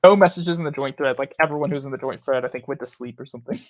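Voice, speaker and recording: A man's voice: mid-range voice, rapid-fire. A rambling, chatty man hosting a casual talk stream, laughing often. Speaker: host. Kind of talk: casual chat.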